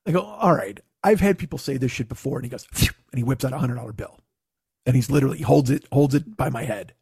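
A man's voice: medium pitch, fast, gravelly, darkish tone, breathy edge, no echo, studio quality. A man telling a casual, profane story in his own voice. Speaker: podcast host telling a story.

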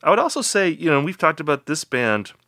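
A man's voice: a little high, sing-song, quick pace, sharp tone, no echo, studio quality. A man co-hosting a casual music podcast, jokey and upbeat as he reads out listener questions. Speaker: podcast co-host.

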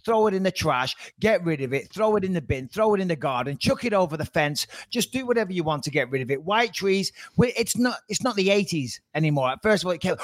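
A man's voice: a little high, expressive, brisk, few pauses, no echo. A middle-aged man, co-hosting a podcast in casual banter, playful and mock-boastful, swearing freely. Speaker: podcast co-host.

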